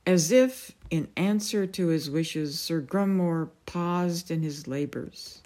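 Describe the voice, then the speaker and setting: A woman reading a novel aloud as a storyteller, measured and unhurried. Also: fairly low pitch, mellow.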